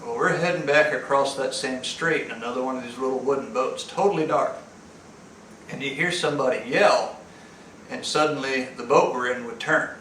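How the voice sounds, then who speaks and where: A man's voice: mid-range voice, moderate pace, fairly bright tone, slight background noise. A man with an American Southern accent casually telling a story in a folksy, laid-back way with dry humor. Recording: roomy, distant mic with faint ambience.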